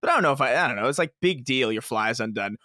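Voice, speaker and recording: A man's voice: mid-range voice, expressive, very fast, pushed and bright, dry recording, studio quality. A man joining a podcast in casual chat, joking and sarcastic.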